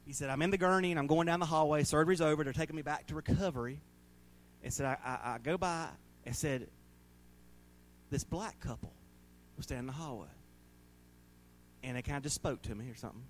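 A man's voice: on the high side, brisk, long pauses, a little hiss or hum. A man, preaching a sermon as pastor, telling folksy stories and laughing often. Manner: folksy storytelling, laughing often, rising to loud bursts.

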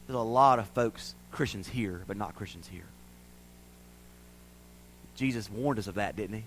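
A man preaching to his church in a high, bright tenor. He is plainspoken and folksy, and he swings between ringing declarations and near-hushed stretches. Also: expressive, moderate pace, slight background noise. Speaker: pastor. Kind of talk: sermon.

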